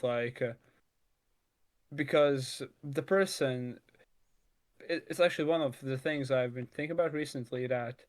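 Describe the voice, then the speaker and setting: Rambling young-sounding man chatting casually. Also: mid-range voice. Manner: rambling, many restarts and "like" fillers, swears casually. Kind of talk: casual conversation.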